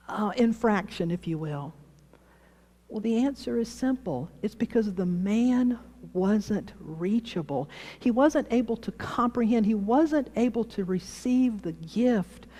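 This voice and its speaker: Mellow-voiced woman minister preaching. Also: medium pitch, big-room sound. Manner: storytelling, acting out quoted voices, slowing for emphasis. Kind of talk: sermon with told stories.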